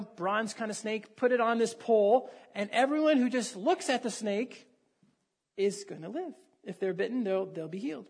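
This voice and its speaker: Preacher, husky tone, relaxed conversational sermon, reads scripture and quizzes the room. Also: medium pitch. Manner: conversational, asks the listeners questions and reads scripture aloud. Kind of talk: sermon with Bible reading.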